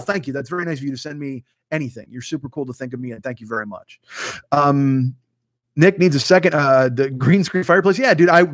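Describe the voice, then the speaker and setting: Chatting casually with his livestream viewers, a fifty-something host with a voice a bit higher than typical for a man rambles, curses openly, and mocks himself. He's in a green-screen home studio, and the sound is close and dry, with no room sound at all.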